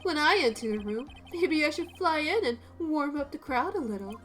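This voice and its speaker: A woman voicing a flamboyant young male magician who talks in a slow, drawling, theatrical way. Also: sits high, expressive, fairly bright tone, faint music behind, pitched above the performer's own voice.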